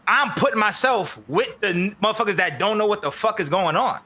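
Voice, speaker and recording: Bright, heated man ranting. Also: high voice, fairly quick. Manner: heated, profane, animated rant. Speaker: podcast host. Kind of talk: casual esports podcast chat.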